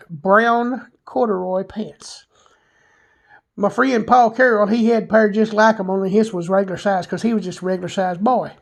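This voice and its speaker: Gravelly Southern man telling stories. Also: high-pitched. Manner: rambling, candid, self-deprecating, many filler words. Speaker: vlogger. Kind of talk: personal storytelling monologue.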